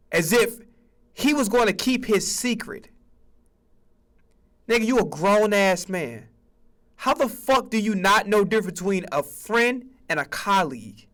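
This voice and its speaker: Animated, bright-voiced ranting man. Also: high-pitched. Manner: animated, profane, acts out mock dialogue. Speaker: streamer host. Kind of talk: casual sports rant.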